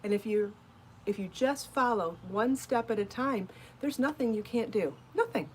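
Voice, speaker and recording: A woman's voice: a little high, normal speed, slight background noise. A woman hosting a casual live stream about crochet, chatty and encouraging, laughing often as she answers viewer comments. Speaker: podcast host and crochet designer.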